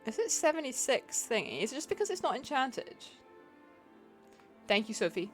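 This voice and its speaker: A woman's voice: high voice, big pitch swings, unhurried, soft background music. A woman streaming a video game, chatting casually, reacting to the game and greeting viewers in a playful, self-deprecating way. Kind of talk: casual gameplay commentary.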